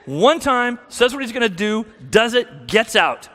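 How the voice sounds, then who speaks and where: With an extremely high, very animated voice, a man tells his personal story at a church, unhurried yet forceful and bright. His testimony is frank and self-deprecating with many restarts, echoing through the sanctuary's long hall reverb.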